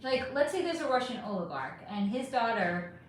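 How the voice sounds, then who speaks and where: A woman hosts a casual livestream from home, putting on makeup as she reads chat questions aloud and answers them frankly, swearing freely and trailing off with fillers. Her voice is fairly high with big pitch swings and a moderate pace. The room is very echoey, with a noisy background.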